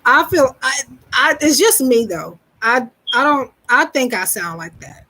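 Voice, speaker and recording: Through poor audio, this Southern US woman's voice sits high, sounding pushed, bright, and very animated, though her pace stays measured. She's a psychic reader hosting a live stream, rambling and chatting in a self-deprecating way with many restarts.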